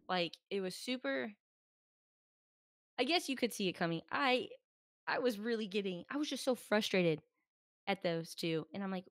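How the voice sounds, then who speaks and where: A woman's voice: mid-range voice, animated, moderate pace, pauses often, a bit bright, no echo, clean studio sound. A woman co-hosting a podcast in casual chat, talking freely and acting out quotes in exaggerated voices. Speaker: podcast co-host. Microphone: podcast microphone.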